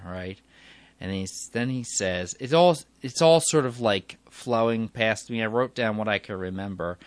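A man with a fairly low voice recounts a story from his week, wandering off into asides and correcting himself mid-sentence. The recording is dry, with little room sound. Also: animated, moderate pace, no echo. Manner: meandering, self-correcting, with chuckles. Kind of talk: rambling personal anecdote.

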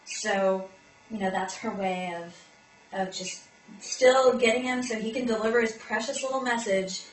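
A woman's voice: fairly high pitch, normal speed. A woman co-hosting a comic podcast, recapping a fantasy novel chattily with lots of fillers. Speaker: podcast co-host. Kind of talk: comic book-club recap. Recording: echoey room, mic far off.

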